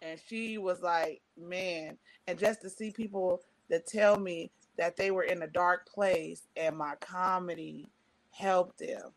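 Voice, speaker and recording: A woman's voice: fairly low pitch, takes it slowly. A middle-aged woman, a stand-up comedian, telling a long personal story in casual chat, acting out quotes from the people in it. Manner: animated, quotes people in voices, emotional.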